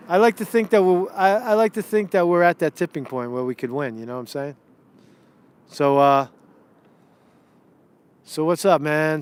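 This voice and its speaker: Profane rambling man, slightly high voice. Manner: ranting, profane, rambling with many restarts. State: winded from walking. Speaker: political vlogger. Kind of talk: casual live street commentary. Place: outdoors on a city street.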